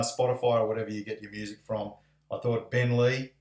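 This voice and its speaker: Low-voiced Australian man vlogging. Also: level tone, brisk, darkish tone, far from the mic. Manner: rambling, friendly, filler-heavy talk. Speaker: airline pilot vlogger. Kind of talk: casual video message. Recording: echoey room.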